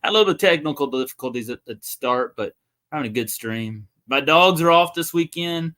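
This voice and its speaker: A man's voice: on the high side, lively intonation, fairly quick, pushed and bright. A young man, hosting a casual livestream and rambling to viewers. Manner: rambling, chatty, talks to viewers. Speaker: livestream host.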